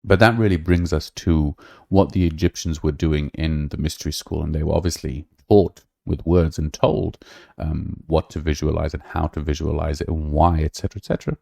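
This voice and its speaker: A podcast host with a very deep, gravelly, slightly mellow voice talks at a normal speed in a steady tone. His casual, livestream-style chat rambles, full of fillers and restarts. The studio recording is clean, with no room sound.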